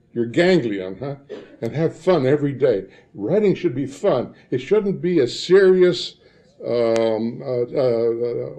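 A man's voice: mid-range voice, mellow. An older man from the American Midwest addressing an audience of librarians, telling rambling anecdotes and tagging his lines with "huh?". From northern Illinois, USA. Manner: rambling storyteller, tags many lines with "huh?". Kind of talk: talk to a live audience.

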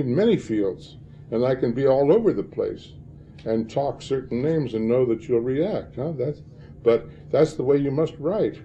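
A man's voice: medium pitch, warm tone, lo-fi sound, a little hiss or hum. An older man from the American Midwest addressing an audience of librarians, telling rambling anecdotes and tagging his lines with "huh?". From northern Illinois, USA. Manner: rambling storyteller, tags many lines with "huh?". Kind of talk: talk to a live audience.

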